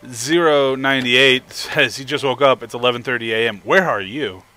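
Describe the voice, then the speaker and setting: A man's voice: medium pitch, normal speed, bright, forceful tone, soft background music. A young man hosting a casual live stream, cheerfully reading viewer messages aloud and chatting. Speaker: livestream host.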